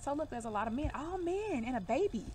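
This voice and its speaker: High-voiced, emphatic woman reading cards. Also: very animated, fast talker, a little mellow, a little hiss or hum. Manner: emphatic, reassuring, addresses viewers as y'all and baby. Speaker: divination reader. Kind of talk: casual reading to camera.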